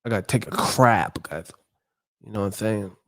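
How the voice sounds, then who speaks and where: A man doing a comic impression of a retired heavyweight boxer whining like a child about a stomachache, mumbly and quiet. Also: on the low side, moderate pace, voice pushed down. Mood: whiny. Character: mock Mike Tyson, grown man whining about a stomachache. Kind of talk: comic impression on a live stream.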